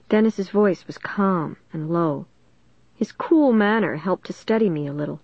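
Woman reading a tense story, lowish voice. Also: measured pace, darkish tone, no room sound. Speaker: audiobook reader. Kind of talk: scripted storybook narration. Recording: dull dry recording.

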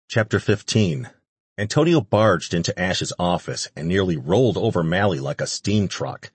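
A man reading an audiobook as narrator, in a steady, measured way. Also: sits low, husky, no room sound. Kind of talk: scripted narration.

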